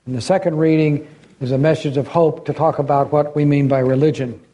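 An older man, a retired pastor, preaching a sermon and reading passages in a measured, deliberate way. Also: a little high, fairly even intonation, mellow.

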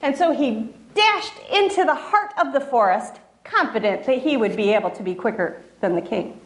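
A woman telling a fable in a gentle storytelling manner, with restarts and asides. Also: a little high, expressive, normal speed. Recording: roomy echo.

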